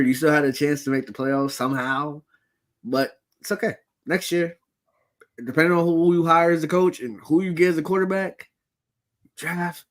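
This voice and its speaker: Male co-host, slightly high voice, animated and profane, casual sports talk. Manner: animated storytelling, swears, acts out reactions.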